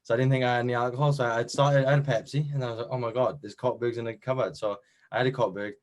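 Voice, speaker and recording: Talking very fast in a steady, medium-pitched voice, a young Welsh-accented man from Wales chats humbly in an interview about his competition win. He uses many fillers and often restarts his sentences.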